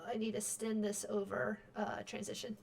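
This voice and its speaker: A woman's voice: mid-range voice, monotone, normal speed, gravelly, very noisy. A very tired woman streamer wrapping up her stream in casual chat, rambling with lots of fillers and restarts.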